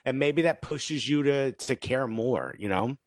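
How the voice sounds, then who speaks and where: A man's voice: medium pitch, unhurried. A man of Cuban heritage co-hosting a casual chat, telling stories with lots of "you know" and acted-out quotes. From Cuban-American background. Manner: animated storyteller, acts out quoted voices, many "you know"s. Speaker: podcast co-host.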